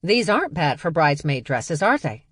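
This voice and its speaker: A woman voicing a steady, protective eldest sister in an audiobook, level and firm. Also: sits low, normal speed, breathy edge, no echo, clean studio sound, heavily acted.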